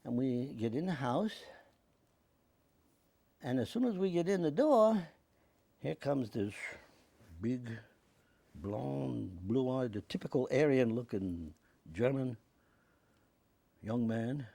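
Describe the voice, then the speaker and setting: Speaking slowly with vocal fry and long pauses, this older New York-accented man from the United States is a veteran sharing memories in an oral history interview. His voice sits in the mid-range, the recording is dry, and he stays animated, performing the voices of the people he quotes.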